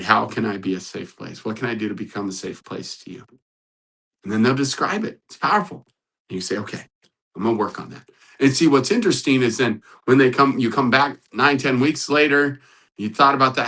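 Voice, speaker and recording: A man giving relationship coaching, animated, often laughing and acting out what spouses might say. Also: medium pitch, brisk. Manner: animated, acts out spouses' lines; laughs often while talking. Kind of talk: coaching talk.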